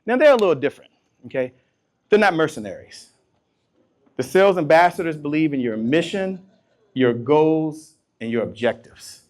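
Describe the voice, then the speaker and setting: A man giving a motivational keynote to a live crowd, animated, trading call-and-response and swinging from soft asides to loud bursts. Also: fairly high pitch. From Washington, D.C. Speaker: keynote speaker.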